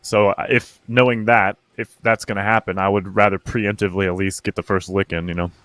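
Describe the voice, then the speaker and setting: Deep fast-talking man, dry close sound. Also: level tone, fairly bright tone, no echo. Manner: quick, terse, profane. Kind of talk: in-character roleplay chat.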